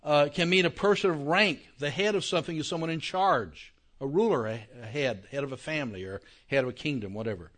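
A man with a slightly raised pitch teaching a Bible class. He talks plainly and conversationally, keeps asking whether his listeners are following, and draws out the words he wants to stress. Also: quick pace, hardly any pauses, a bit bright. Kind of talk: classroom lecture to a congregation.

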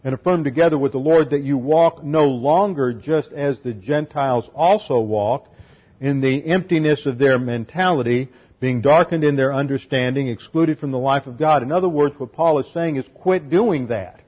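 A man's voice: medium pitch, moderate pace, husky, dull audio. A man preaching an expository sermon, teaching methodically through numbered points and scripture. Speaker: pastor.

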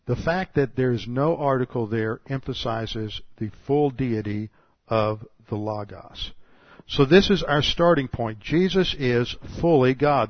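A man's voice: medium pitch, no room sound. A man from the United States teaching a Bible passage verse by verse, explaining carefully and often restarting his sentences. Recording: dull, dry recording.

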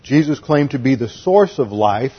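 Husky male Bible teacher, methodical. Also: medium pitch, expressive, moderate pace, highs cut off. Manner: methodical, lists numbered points and spells out words. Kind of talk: expository sermon.

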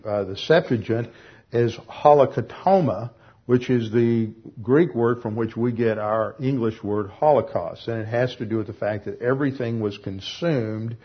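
A man teaching through a passage of Scripture in a measured, explanatory way, often pausing with "uh" and correcting himself mid-sentence. His voice is husky and sits at a middle pitch. The recording sounds dull and lo-fi. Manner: measured, with frequent "uh" pauses and self-corrections. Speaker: Bible teacher. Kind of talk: expository Bible teaching.

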